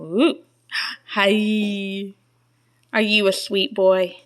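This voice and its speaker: A woman's voice: mid-range voice, flat delivery, extremely slow. A mother talking to her small children in a home video, using coaxing, sing-song baby talk, asking simple questions and praising every answer.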